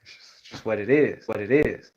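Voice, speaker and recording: A man's voice: normal speed, muffled recording. A man with a young son talks casually to viewers in a rambling, profane monologue, repeating "you know what I'm saying" and acting out the voices of the people he quotes. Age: adult with a young son. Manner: acts out quoted voices, jumping high and loud. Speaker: vlogger speaking to viewers.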